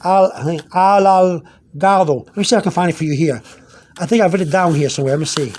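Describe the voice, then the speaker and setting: A man teaching vocabulary in an unscripted video lesson, halting, repeating himself and filling pauses, slowing down to spell out words. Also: on the high side, darkish tone, a little hiss or hum. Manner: searches aloud through his notes. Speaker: language teacher.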